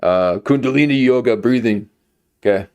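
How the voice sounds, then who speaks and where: A man's voice: mid-range voice, normal speed, darkish tone, clean tone. A man streaming, chatting casually in a rambling, jokey way. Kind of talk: casual chat.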